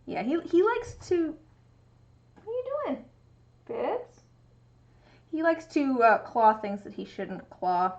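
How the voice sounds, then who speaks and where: Speaking slowly in a high-ish, sing-song, slightly mellow voice, a young woman hangs out with her stream viewers. She coos at her cat in a baby voice. The audio is muffled and low-fidelity.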